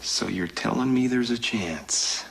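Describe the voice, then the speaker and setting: A man's voice: mid-range voice, a little slow, creaky, a bit bright, a little hiss or hum, poor audio. An actor playing a hopeful, lovesick, dim-witted man in a comedy film, speaking earnestly and pleadingly.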